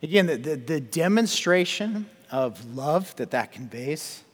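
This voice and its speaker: A man's voice: a little high, lively intonation, unhurried, in a large hall. A man preaching a sermon and reading scripture aloud, often repeating words and putting questions to his listeners. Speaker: pastor.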